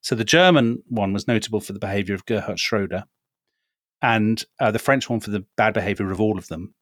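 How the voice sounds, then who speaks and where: A man's voice: fairly low pitch, brisk, no echo, clean studio sound. A man co-hosting a casual history podcast, chatty and hesitant, with wry asides. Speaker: podcast co-host.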